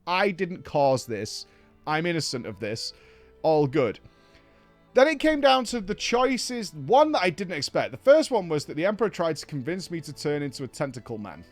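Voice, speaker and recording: A man talks through a game recap as host, his voice sitting slightly high and swinging widely in pitch. He tells it as a lively story, slipping into other voices for quoted lines, with faint music playing behind him. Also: moderate pace. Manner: animated storyteller who acts out quoted lines.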